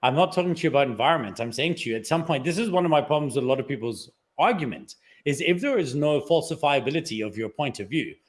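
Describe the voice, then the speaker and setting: A man's voice: on the high side, lively intonation, quick pace, few pauses. A man being interviewed as an author on a radio show, talking in an opinionated, argumentative way. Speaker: author, guest. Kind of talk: casual interview chat.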